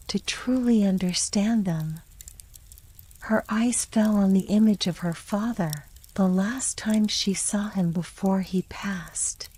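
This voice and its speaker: A woman reads a bedtime story in a soft, airy whisper, drawn out and very slow. Her tone is dark and mellow, meant to lull the listener to sleep. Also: medium pitch, low-quality recording. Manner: slow and soothing.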